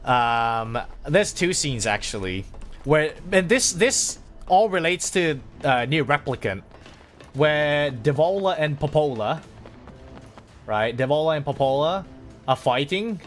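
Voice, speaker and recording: A man streaming a game, talking in a rambling, excitable way and swearing freely as he chats. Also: on the high side, takes it slowly, soft background music. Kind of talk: casual gaming livestream chat.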